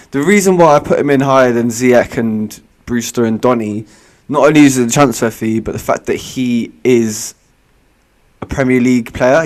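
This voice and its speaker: A man co-hosts a football chat show at a mid pitch for a man. He is playful and argumentative and uses a lot of street slang. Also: darkish tone. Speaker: podcast co-host. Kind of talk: casual football banter.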